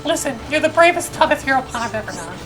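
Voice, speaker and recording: A woman voicing an earnest, gentle young male hero, speaking softly and politely over game music. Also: high-pitched, big pitch swings, quick pace. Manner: soft, polite, a bit hesitant.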